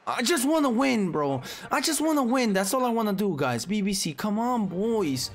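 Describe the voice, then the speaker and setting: A young man commentating his own live gameplay, cursing freely and swinging from low muttering to loud yelling. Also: sing-song, normal speed, faint music behind. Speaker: gaming streamer.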